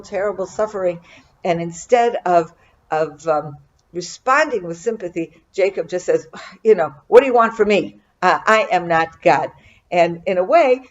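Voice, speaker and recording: A middle-aged woman gives an earnest, reflective Torah commentary, often pausing and restarting her sentences. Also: medium pitch, a little mellow, lo-fi sound. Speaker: Bible teacher.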